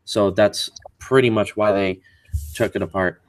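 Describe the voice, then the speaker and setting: Laid-back man hosting with a low voice. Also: fairly even intonation, a little slow, no room sound. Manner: laid-back, hesitant, many fillers. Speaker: show host. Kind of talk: casual live show chat.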